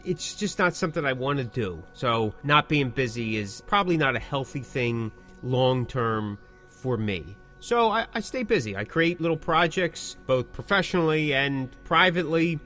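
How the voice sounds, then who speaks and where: Bright-voiced male podcast co-host. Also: mid-range voice, expressive, moderate pace, soft background music. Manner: playful, self-mocking about his dramatic delivery. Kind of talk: casual chat.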